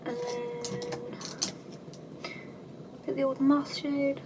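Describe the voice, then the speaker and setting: A high-pitched woman talks through her makeup tutorial in a loose, chatty way. She is self-deprecating and slips into dry sarcasm. A clear hum of background noise sits under the home recording. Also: lively intonation, extremely slow. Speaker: beauty vlogger. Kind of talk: casual makeup tutorial chat.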